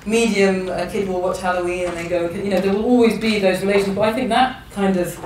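A thirty-something English novelist, appearing as a guest in a public conversation, speaks briskly with a steady, darkish, medium-pitched voice. She's thoughtful and hesitant, frequently restarting her sentences. The recording is from a distance in a large echoey hall, with a little hiss or hum.

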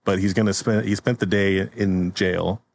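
A male podcast host with a lowish voice, upbeat and stammering as he sets up improvised scenes. He laughs often between lines. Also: fairly even intonation, normal speed, vocal fry. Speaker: host and narrator.

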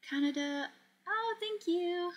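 A young Portuguese woman with a very high voice takes things slowly on her casual sewing livestream. She chats as she works, reading viewers' comments aloud and laughing often.

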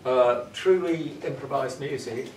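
A man's voice: medium pitch, a little slow. A man leading a university music workshop as visiting professor, explaining ideas and telling a story in a thoughtful, instructive way. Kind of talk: workshop lecture. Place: university classroom. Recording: roomy classroom from far off, noisy.

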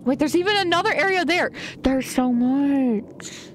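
A young woman streaming a game live, excitable and chatty with her viewers, often gasping and giggling. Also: high voice, unhurried, slight background noise. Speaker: gaming streamer. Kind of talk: live gameplay commentary.

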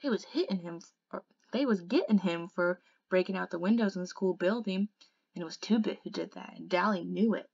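A woman's voice: fairly low pitch, brisk, vocal fry, darkish tone, husky, no echo. A woman voicing a frightened teenage boy on the run, speaking in a trembling, pleading way that sometimes drops to a whisper. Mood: earnest. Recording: dull lo-fi recording.

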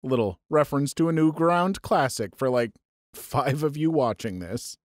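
A man reading online stories aloud for his channel, with lively, sarcastic asides. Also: medium pitch, moderate pace, dry recording, clean studio sound. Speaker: story channel narrator.

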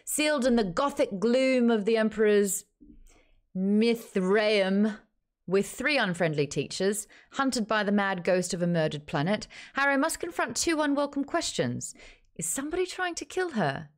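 A woman's voice: medium pitch, animated, measured pace, natural voice. A woman imitating a grave, dramatic audiobook narrator while reading a book blurb aloud. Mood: portentous.

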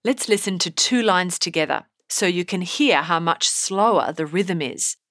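A woman teacher giving a scripted poetry lesson in a measured, explanatory way. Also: on the low side, animated, a bit bright, dry recording, studio quality. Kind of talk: scripted narration.

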